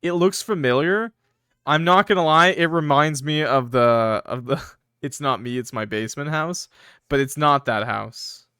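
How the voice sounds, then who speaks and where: A man streaming a game, commenting casually, excitable and joking, laughing and swearing. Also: fairly high pitch, measured pace, smooth, no room sound, studio quality.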